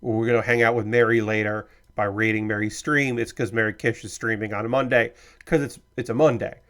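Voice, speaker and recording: A man's voice: fairly low pitch, steady tone, a little fast, a bit bright. A man hosting a live stream in casual chat, rambling and hedging, easygoing and apologetic, swearing now and then. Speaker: streamer host.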